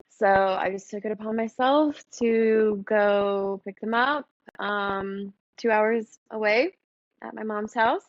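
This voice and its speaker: A woman co-hosting a casual podcast with friends, who talks haltingly and pauses to gather her thoughts. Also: medium pitch, no echo, muffled recording. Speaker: podcast co-host. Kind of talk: casual chat among friends.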